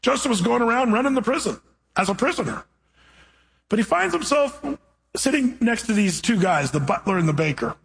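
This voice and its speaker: A man preaching a sermon, reading scripture and then retelling the story with animated, playful asides. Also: extremely high pitch, a little fast, vocal fry, rough recording.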